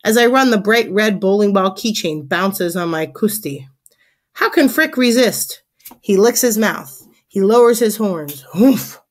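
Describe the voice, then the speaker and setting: A woman teacher reading a children's chapter book aloud to her class in an expressive, animated way. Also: medium pitch, normal speed.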